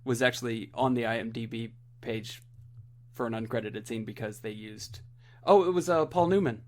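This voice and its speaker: A man's voice: medium pitch, moderate pace. A man in casual podcast chat, chatty and trailing off as he tries to recall a name. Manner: chatty, trails off while trying to recall names.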